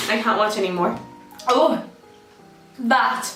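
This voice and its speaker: A young woman vlogs in a loose, self-mocking way, getting worked up and swearing freely. Her voice sits at an ordinary pitch, picked up from a little way off in an echoey room. Soft music plays faintly underneath. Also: lively intonation, moderate pace, distant mic. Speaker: vlogger. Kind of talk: casual vlog chat.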